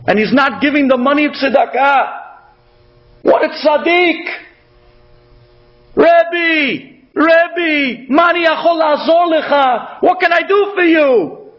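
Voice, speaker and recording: A man voicing a big tough robber who shouts and pleads in a panic, stumbling over his words. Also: very high-pitched, lo-fi sound, pitched above the performer's own voice. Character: frantic remorseful male robber, big and tough.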